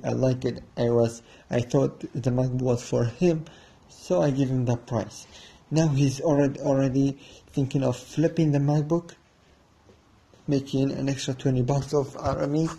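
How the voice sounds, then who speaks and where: Slow, husky man telling a story. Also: mid-range voice, mellow. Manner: rambling, restarts, acts out the other side of a haggle. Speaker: podcast host. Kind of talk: casual storytelling monologue.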